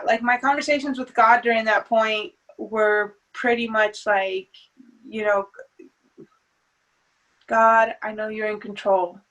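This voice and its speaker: In an emotional interview, a woman guest who is a grieving mother talks earnestly about her faith. Her medium-pitched, fairly bright voice is hesitant, full of fillers and restarts, and the audio quality is poor.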